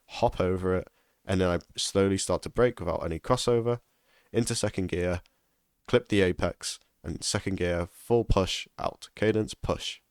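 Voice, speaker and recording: A man's voice: deep voice, no echo, clean studio sound. A man giving casual instructional commentary over a sim racing lap, repeating key tips for emphasis.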